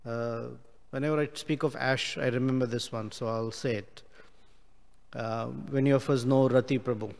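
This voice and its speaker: A man giving a scripture class, explaining Sanskrit words slowly with many pauses. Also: medium pitch, steady tone, creaky, in a large hall. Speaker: class speaker.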